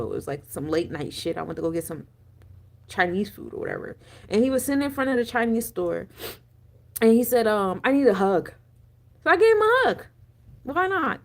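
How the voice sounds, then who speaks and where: A woman in her thirties, a spiritual coach, chatting casually on a livestream, rambling through tangents with profanity and laughing asides while answering chat. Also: medium pitch. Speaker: energy coach and spiritual reader.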